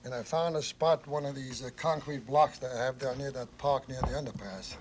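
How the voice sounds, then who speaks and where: A man giving a live television interview as an eyewitness, shaken and halting, his voice sinking. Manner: shaken, halting, voice dropping low. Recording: archive TV broadcast with faint noise.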